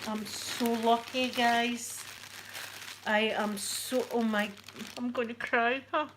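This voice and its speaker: A Scottish woman hosting a casual unboxing vlog, excitable and emotional, gasping as she talks. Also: fairly high pitch, slow. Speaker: channel host. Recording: noisy with packaging crinkles.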